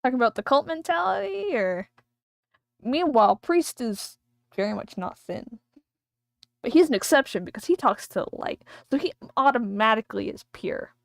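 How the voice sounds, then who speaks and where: A woman's voice: on the high side, animated, moderate pace, vocal fry, no room sound, clean studio sound. A woman streamer chatting casually and rambling while she draws on a livestream. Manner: chatty, rambling, thinking aloud.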